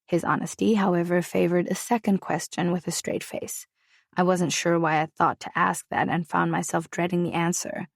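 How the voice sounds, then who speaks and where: A woman's voice: fairly low pitch, little pitch movement, normal speed, creaky, no room sound, clean studio sound. A woman narrating a romance audiobook in the first person, intimate and confessional.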